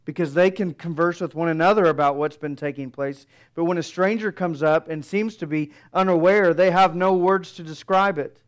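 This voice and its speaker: A male preacher delivers an expository sermon in a measured, reflective manner, often pausing on rhetorical questions. His voice is smooth and resonant and sits a little high for a man.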